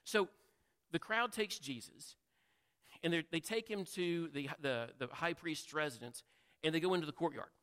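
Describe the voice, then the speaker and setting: A man's voice: on the high side, normal speed, a bit bright. A man preaching a sermon in a conversational way, asking the listeners questions and acting out the quotes. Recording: long reverb of a large hall.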